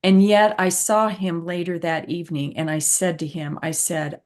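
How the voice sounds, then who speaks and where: A woman's voice: lowish voice, fairly even intonation, moderate pace, hardly any pauses, darkish tone. A woman patient advocate and host telling a personal story in an earnest, reflective way with emphatic repetitions. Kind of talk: conversational storytelling.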